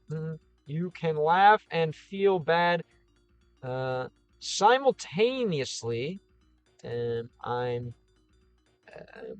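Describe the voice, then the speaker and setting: His voice sits a little high with a clean tone, captured in a dry recording. A Chicago-accented man from the American Midwest runs a laid-back livestream, rambling cheerfully through viewer comments, full of encouragement and filler words.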